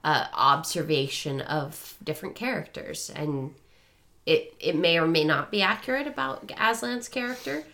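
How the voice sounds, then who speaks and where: A woman's voice: low-pitched, moderate pace, sharp tone. A woman co-hosting a podcast, talking through a book in a rambling, self-correcting way. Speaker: podcast co-host. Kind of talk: casual book discussion.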